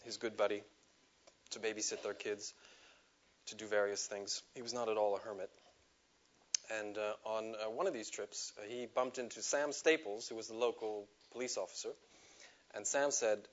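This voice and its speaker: A man telling a personal story to a live audience, animated, laughing at himself and acting out the quotes. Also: lowish voice, moderate pace, pauses often, highs cut off. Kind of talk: storytelling talk. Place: stage before a live audience.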